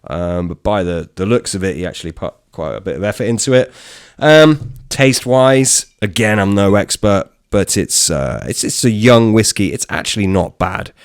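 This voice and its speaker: A man co-hosting a fishing podcast in relaxed, jokey chat. His voice is fairly low, and he restarts his sentences often. The sound is dry and close, with no room echo. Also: moderate pace, hardly any pauses, smooth. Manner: chatty, jokey, many restarts. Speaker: podcast co-host.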